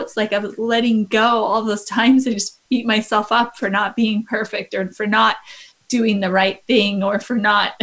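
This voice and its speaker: A woman's voice: mid-range voice, a bit bright. A woman co-hosting a casual chat on a video call, talking earnestly and openly with many hesitations.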